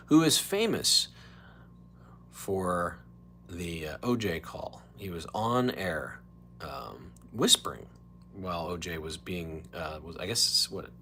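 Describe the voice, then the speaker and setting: A man's voice: deep voice, fairly bright tone, a little hiss or hum. A man hosting a casual solo live stream, chatting in a rambling way and dropping into mock whispers and voices.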